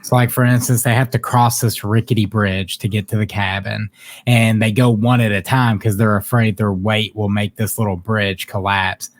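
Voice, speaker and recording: A man co-hosting a book podcast, talking excitedly with plenty of slang. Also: on the low side, normal speed, dry recording, clean studio sound. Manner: excited, slangy, says dude and bro. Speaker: podcast co-host. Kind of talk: casual book discussion.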